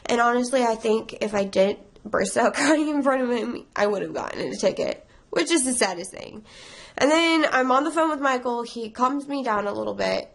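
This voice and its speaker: A woman's voice: a little high, normal speed, vocal fry. A young woman vlogging casually, rambling and emotional, tearful and stressed while laughing through it. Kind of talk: casual confessional vlog.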